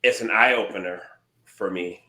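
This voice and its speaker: Earnest man with a bright voice in a roomy space. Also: lowish voice, measured pace. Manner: earnest, thoughtful, speaks calmly. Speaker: podcast co-host. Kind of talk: casual podcast chat.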